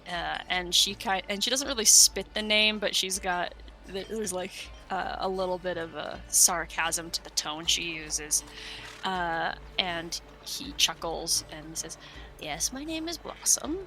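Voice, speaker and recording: A woman's voice: lowish voice, steady tone, unhurried, bright, forceful tone, faint music behind. A woman narrating a tabletop game as game master, searching for words and hesitating often. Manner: hesitant, many fillers, laughing.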